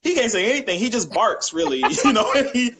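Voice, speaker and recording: A young man chatting as a podcast guest, telling lively family stories and acting out quotes with laughter. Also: high voice, brisk, over a noisy crowd, poor audio. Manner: animated storyteller, acts out quotes with laughter. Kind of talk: casual chat.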